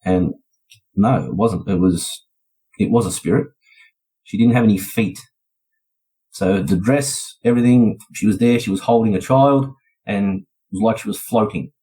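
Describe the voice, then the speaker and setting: A man's voice: lowish voice, moderate pace, pauses often, warm tone, husky, poor audio. An Australian man, a podcast guest, recounting events in a chatty, laid-back way. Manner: chatty, laid-back, slips into voices when quoting. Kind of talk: casual storytelling.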